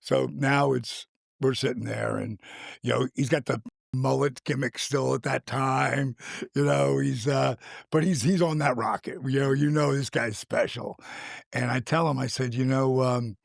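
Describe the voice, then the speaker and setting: Gravelly, husky man telling stories with energy. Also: medium pitch, unhurried, dry recording, clean studio sound. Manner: energetic storyteller who acts out the voices of others. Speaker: podcast guest. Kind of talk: animated storytelling in casual conversation.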